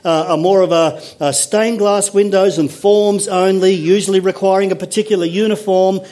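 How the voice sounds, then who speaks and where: A fairly high-voiced man delivers a sermon to his congregation. He is earnest and emphatic, repeating key phrases and checking in with rhetorical questions. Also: steady tone, normal speed, warm tone. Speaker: pastor.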